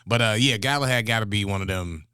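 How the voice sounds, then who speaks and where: Reaction host, male, easygoing and chuckly, lowish voice, dry close sound. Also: fast talker, smooth, dry recording. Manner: laid-back, chuckling, giving shout-outs. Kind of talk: casual reaction chat.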